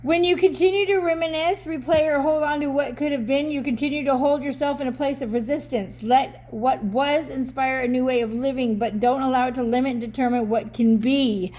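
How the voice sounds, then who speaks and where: High-voiced chatty woman reading cards. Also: fairly even intonation, fairly quick, hardly any pauses, a little mellow. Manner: chatty, upbeat, laughs often, reads card text aloud. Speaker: oracle card reader. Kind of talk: casual card reading to camera.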